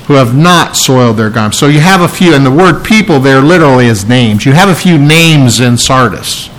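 A man's voice: medium pitch, expressive, brisk, few pauses, a bit bright, poor audio. A man preaching an expository sermon, explaining scripture verse by verse in an emphatic way. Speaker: pastor.

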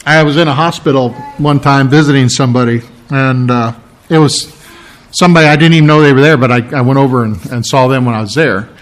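A man's voice: mid-range voice, fairly even intonation, fast. A male pastor preaching a conversational, emphatic sermon, often asking rhetorical questions.

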